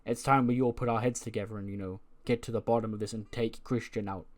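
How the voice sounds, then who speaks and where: A man voicing a calm, placating wrestler. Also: fairly low pitch, fast talker, lightly acted. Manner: reasoning, placating. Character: calm, persuasive male wrestler playing peacemaker.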